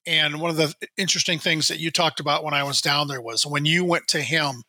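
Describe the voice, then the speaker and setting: A man's voice: on the high side, fairly even intonation, fairly quick, sharp tone, no echo. A man hosting an interview, asking questions in a friendly, encouraging, loose way. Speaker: interview host. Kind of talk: conversational interviewing.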